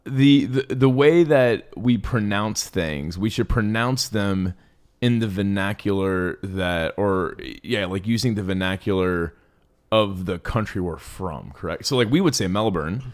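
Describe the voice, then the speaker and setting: A man from the United States co-hosting a casual podcast from a friend's kitchen, easygoing and rambling. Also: lowish voice. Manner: easygoing, rambling, quick to laugh. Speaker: podcast co-host. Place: friend's kitchen used as a studio.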